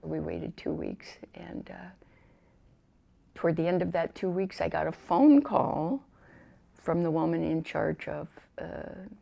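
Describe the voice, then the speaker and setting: Older woman veteran, deep gravelly mellow voice, reflective oral-history storyteller. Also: big pitch swings, slow pace. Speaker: veteran telling her story.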